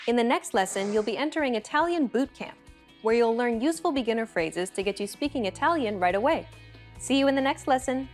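A woman hosting a beginner language lesson, giving clear, steady scripted explanations. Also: on the high side, brisk, soft background music.

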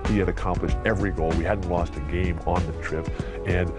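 A man, a former teammate, telling a story in a measured, matter-of-fact way. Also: low voice, steady tone, music in the background. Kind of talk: casual anecdote telling.

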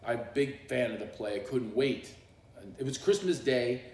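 A man's voice: medium pitch, animated, moderate pace. Chatty middle-aged Philly man, roomy office. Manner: chatty and rambling, laughs often. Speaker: comedian and coach hosting a livestream. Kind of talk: casual storytelling on a livestream. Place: small office.

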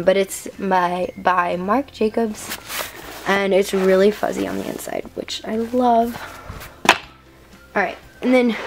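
A teenage woman in her bedroom, giving a casual room tour, chatty and rambling with lots of ums. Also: medium pitch. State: slightly out of breath. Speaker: vlogger. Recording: noticeable background noise.

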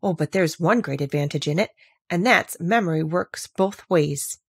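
A woman's voice: fairly low pitch, normal speed, breathy edge, dry recording. A woman voicing a flustered, helpless, untidy queen who speaks in a melancholy, groaning way. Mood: plaintive.

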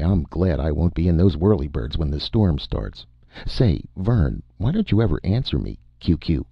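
A fidgety schemer whose gravelly voice keeps leaping up in nervous pleas, voiced by a male reader. He speaks in quick, eager bursts. The recording is dry and muffled. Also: extremely low pitch, dry recording, heavily acted.

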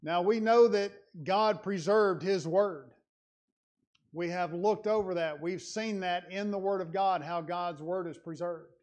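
A man with a notably high voice preaches in a church sanctuary, speaking. His delivery is earnest and conversational, swinging between quiet, confiding asides and loud, emphatic passages. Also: a little slow. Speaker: lay preacher. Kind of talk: sermon.

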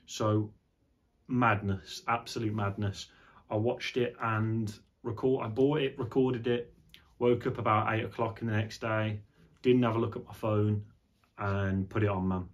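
Casual male vlogger, lowish pitch, rambling sweary chat in a home studio. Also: level tone, a little slow, highs cut off. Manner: rambling, loose and sweary, heavy on fillers and "man". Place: indoor home studio, seated on a squeaky chair.

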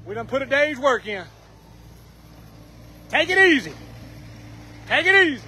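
A man's voice: very high-pitched, very animated, measured pace, bright, forceful tone. A man talking casually in a vlog outdoors. He calls out short directions and then hawks things for sale in a joking patter. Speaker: vlog host.

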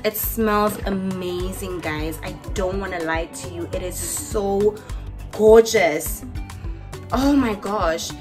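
A woman's voice: medium pitch, takes it slowly, music in the background. Chatty woman vlogger. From South Africa. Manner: lively, chatty, talks straight to viewers. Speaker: YouTuber. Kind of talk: casual storytime chat to camera.

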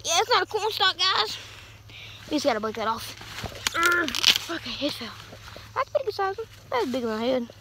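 A high-voiced young woman chats on through a rambling vlog, a little out of breath. She holds the phone in one hand outdoors in a cornfield. Plenty of outdoor noise runs under her voice. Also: very animated, a little fast, pauses often. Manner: chatty, rambling, talks to viewers. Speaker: vlogger. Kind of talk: casual vlog. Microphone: phone held in one hand. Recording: noisy outdoor phone recording.

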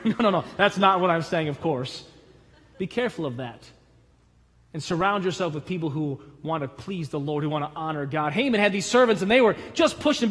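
A man preaching from the pulpit with a fairly high voice that climbs into emphatic, almost shouted calls and then sinks quiet. He acts out the people in his stories. A long church reverb trails every phrase. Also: lively intonation, normal speed, pauses often. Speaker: pastor. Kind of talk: sermon. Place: church sanctuary.

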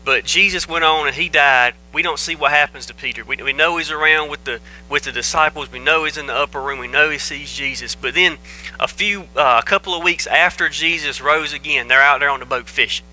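A man preaches with a sharp, bright, forceful voice. He hammers his points home by repeating short phrases. It is a plain, earnest church sermon. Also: a little high, brisk, poor audio. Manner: emphatic, repeats phrases for stress. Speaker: pastor.

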